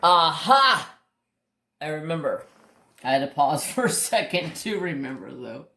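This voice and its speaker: This crafting-channel host has a gravelly voice on the high side with lively intonation, speaking at a moderate pace. As he works at his craft table he tells loose, rambling stories, candid and mildly sweary, often restarting sentences, in a roomy, echoey recording.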